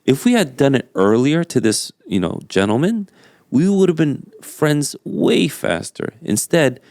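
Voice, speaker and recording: A man's voice: mid-range voice, sing-song, a little slow, darkish tone, dry recording, clean studio sound. An American-born man co-hosting a podcast, talking in an emphatic, conversational way and telling stories to make his point. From United States. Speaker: podcast co-host. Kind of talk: casual opinionated discussion.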